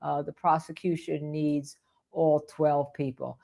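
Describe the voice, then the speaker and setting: A woman's voice: low voice, level tone, slow pace, creaky, mellow. An older woman who is a defense attorney, hosting live legal commentary in a rambling way and repeating points for emphasis.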